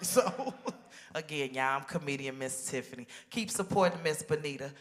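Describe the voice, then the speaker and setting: A woman doing a stand-up comedy routine on a talk show stage, telling stories in animated style and acting out the people she quotes. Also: low-pitched, moderate pace, echoey room, background noise. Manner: animated storytelling with exaggerated quoted voices.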